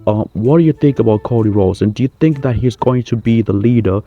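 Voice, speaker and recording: A man's voice: medium pitch, a little fast, dull audio, voice pushed up, lightly acted. A man voicing an eager male reporter with a British accent.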